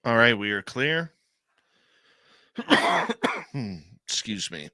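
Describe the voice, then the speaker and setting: A man's voice: mid-range voice, big pitch swings, drawn-out words, pushed and bright, clean tone, no echo, clean studio sound. A man hosting a talk radio show, chatting with a guest and reading upbeat promos. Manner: upbeat promo delivery, conversational. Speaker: radio host.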